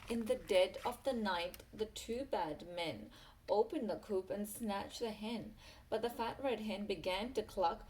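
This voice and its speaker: A woman reading a rhyming picture book aloud in a sing-song way, pausing for little asides to her listener. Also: medium pitch, a little mellow, slight background noise. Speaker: storyteller.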